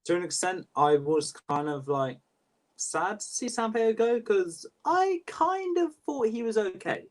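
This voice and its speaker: A young man chatting casually as a co-host ranking books, halting and full of fillers. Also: sits high, animated. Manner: quick, halting, many fillers. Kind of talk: casual livestream chat.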